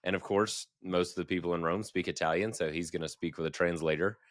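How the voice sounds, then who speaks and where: A man with a deep, low voice telling relaxed stories on a podcast, laughing lightly between points. The recording is dry and close, with no room sound. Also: quick pace, dry recording. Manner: easygoing, chuckling storyteller. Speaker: podcast co-host. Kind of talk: casual storytelling chat.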